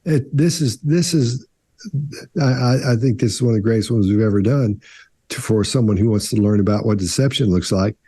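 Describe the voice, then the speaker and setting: Mellow, husky male panelist. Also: on the low side, fairly quick, dry recording. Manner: relaxed, rambling with restarts. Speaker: behavior analysis panelist. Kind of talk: casual panel discussion.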